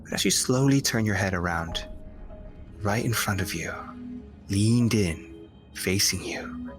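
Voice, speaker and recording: Over music, a man with a lowish voice narrates as the game master of a tabletop game. His storytelling is slow and descriptive, halting on fillers.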